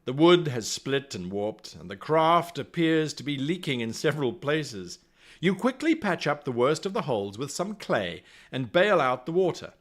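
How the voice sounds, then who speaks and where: A man's voice: a little high, very animated, normal speed. A man acting as game master, reading a solo gamebook aloud on a live stream and chatting with viewers. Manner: chatty, talks to the stream chat, reads passages aloud.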